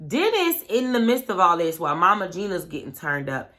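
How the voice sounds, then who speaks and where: Low-voiced, bright woman gossiping casually. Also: very animated, brisk. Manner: loose, chatty, packed with "like" and "you know what I'm saying". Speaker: vlogger recapping a reality show. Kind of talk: casual storytelling recap.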